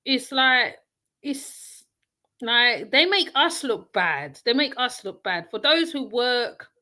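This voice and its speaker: A woman talks through a reaction commentary, blunt and rambling, circling back to the same point again and again. Her voice sits a little high and rings bright and forceful. She sounds unscripted and conversational. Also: lively intonation, slow pace. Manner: blunt, rambling, repeats herself.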